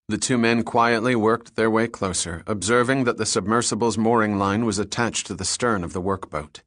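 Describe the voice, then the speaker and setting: A man with a low voice reads an audiobook in steady, measured narration. The sound is dry and close, with no room around it. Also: dry recording. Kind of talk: scripted narration.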